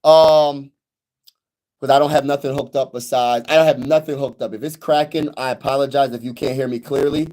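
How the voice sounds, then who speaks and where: A man hosting a casual sports fan livestream, talking excitedly and repeating himself, calling viewers y'all and bro, recorded on a phone with no external mic that crackles when he gets loud. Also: fairly quick. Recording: audio crackles on louder high notes.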